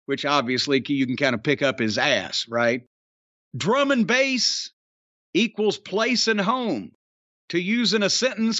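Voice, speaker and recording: Middle-aged male host, profane and rambling, high lively voice on a dry, dull recording. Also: normal speed, no room sound. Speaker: podcast host. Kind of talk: casual chat.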